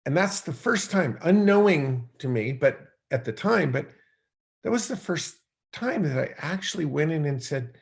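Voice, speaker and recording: A middle-aged man, a podcast guest, telling a personal story in a rambling, animated way with many restarts. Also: a little high, normal speed, vocal fry. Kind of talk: storytelling in conversation.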